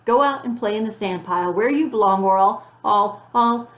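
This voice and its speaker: A woman's voice: medium pitch, moderate pace, a bit bright, close to an everyday voice. Woman doing an earnest, bossy older sister. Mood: scolding. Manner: earnest, scolding. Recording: roomy echo.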